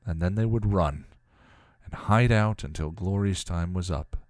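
A man reading a piece of fan fiction aloud in a steady storytelling manner. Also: low voice, unhurried, no room sound, studio quality. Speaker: story reader.

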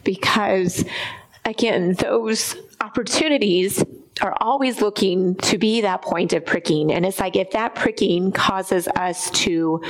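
A woman in a faith-sharing discussion, speaking earnestly and reflectively, often pausing to find her words. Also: lowish voice, rough recording. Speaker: Bible study participant.

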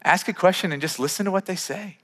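A man's voice: high-pitched, fast, fairly bright tone, in a large hall. A male pastor preaching a sermon in a conversational way, often repeating words as he starts sentences.

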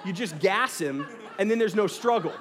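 A man with a high voice preaching a sermon as a pastor. He tells a story with lively energy, keeps checking in with "right?", and breaks into laughter along the way. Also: normal speed, some chatter behind. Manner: animated storyteller, asks "right?" often, laughs mid-story.

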